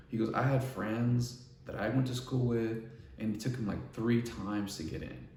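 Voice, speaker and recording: A man's voice: medium pitch, normal speed, a little mellow, slight background noise. A middle-aged man casually telling a long personal story, rambling with restarts and acting out what others said. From Northern California. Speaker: artist vlogger. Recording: echoey room, mic at a distance, faint ambience.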